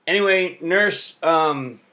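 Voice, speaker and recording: A man's voice: on the high side, takes it slowly, sharp tone. A young adult man telling a rambling story in a casual vlog, full of fillers and laughs. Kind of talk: rambling personal vlog monologue.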